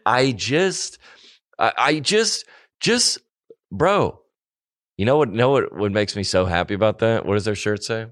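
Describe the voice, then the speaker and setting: A low-pitched man holds forth in loose, animated podcast banter, breaking into mocking impressions of the people he talks about. The sound is dry and close, with no room around it. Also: a little slow, no echo. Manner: animated ranting, mocking imitations. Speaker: podcast co-host. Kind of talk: casual chat.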